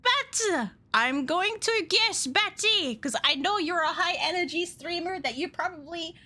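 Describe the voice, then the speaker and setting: A young woman streaming casually, excitable and laughing often, swearing freely as she chats with viewers. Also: very high-pitched, a little slow. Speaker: VTuber streamer. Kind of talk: casual live-stream chat.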